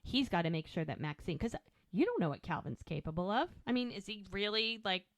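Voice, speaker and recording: A woman co-hosting a podcast, casually recapping a TV episode and acting out the characters' lines in an animated way. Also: mid-range voice, brisk, no room sound, clean studio sound. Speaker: podcast co-host.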